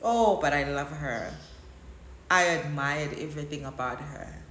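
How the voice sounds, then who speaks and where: Low-pitched and measured, this Eastern Cape woman's fairly bright voice carries casual vlog commentary in a roomy echo with a little hiss or hum. She is emotional and switches between English and isiXhosa.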